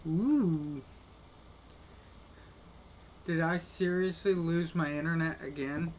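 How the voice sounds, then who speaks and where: A man's voice: a little high, steady tone, takes it slowly, slight background noise. A man grumbling casually to his live-stream chat while he plays a game, with exasperated little rants.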